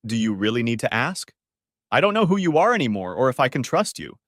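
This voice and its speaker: A man voicing a betrayed husband who speaks calmly but caustically to his unfaithful wife. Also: medium pitch, a little fast, no room sound, clean studio sound. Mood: stern. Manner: calm but cutting, caustic. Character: betrayed, coldly angry husband.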